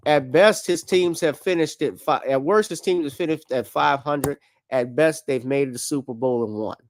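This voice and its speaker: A man's voice: a little high, moderate pace. A man hosting a casual show, chatting loosely about football and basketball, joking and swearing. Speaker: podcast host. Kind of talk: casual sports commentary.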